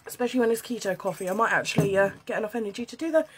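A British woman hosting a casual livestream from home, bubbly, excitable and a bit scatty as she chats to viewers. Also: mid-range voice, very fast, slight background noise. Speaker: livestream host selling beauty and wellness kits. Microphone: phone.

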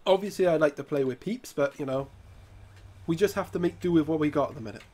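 A man's voice: on the high side, fast, a little mellow, a little hiss or hum. A man with a congested, nasal voice from a cold, giving chatty gameplay commentary and exclaiming at mishaps. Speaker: gaming YouTuber.

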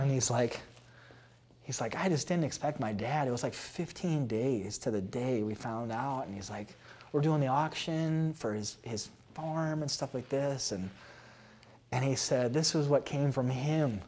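A man from South Dakota, a pastor, telling a story in an animated, expressive way and laughing at his own tales. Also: medium pitch, a little slow, husky. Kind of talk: sermon-style storytelling talk.

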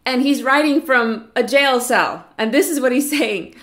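A woman preaching a chapel message, earnest and encouraging, slowing down to read scripture aloud. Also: sits high, fairly bright tone. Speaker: chapel speaker. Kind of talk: sermon.

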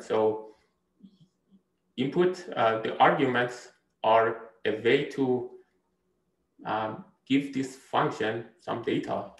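A man's voice: medium pitch, vocal fry, reverberant, poor audio. A man giving a university lecture, hesitant, with many fillers and restarts, often checking in with "right?". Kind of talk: recorded lecture.

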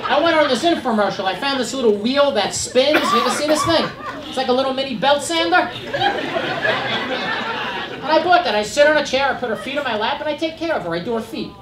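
A man's voice: very high-pitched, lively intonation, fast. A middle-aged man performing a stand-up comedy set on a club stage, telling stories in a dry, conversational way with asides to the audience. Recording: roomy live club recording from a distance, loud crowd and noise. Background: loud audience laughter.

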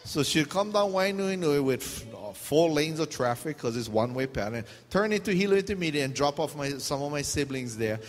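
This Hawaiian pastor's voice sits on the high side, and he talks fairly quickly with hardly a pause. Middle-aged, with a Pidgin-flavored accent, he fills his sermon with humorous stories and breaks into laughter as he goes, while the hall echoes at length over faint background noise.

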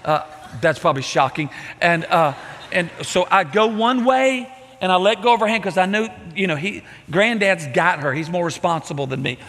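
Guy preaching, acts out the story, kinda high pitched, long reverb like a big church. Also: moderate pace. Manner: animated storytelling, acting out voices. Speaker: pastor. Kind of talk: sermon. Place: church sanctuary.

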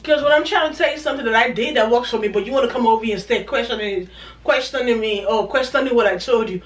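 A woman's voice: fairly high pitch, fast talker. A woman talks straight to her viewers in a chatty, emphatic way and circles back to repeat her points. Her voice sits some distance from the mic. A noticeable room echo surrounds every word. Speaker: vlogger. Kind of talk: casual chat to camera.

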